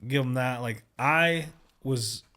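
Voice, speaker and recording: A male podcast host who also works as a police officer talks in a loose, casual interview. His delivery is profane and animated, full of stories. His voice sits at an ordinary middle pitch. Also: slow pace.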